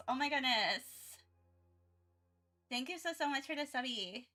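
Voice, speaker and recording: A young woman chatting casually on her art livestream, excitable and rambling with lots of fillers as she gushes thanks. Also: high-pitched, measured pace, long pauses, over music. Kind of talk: casual live-stream chat.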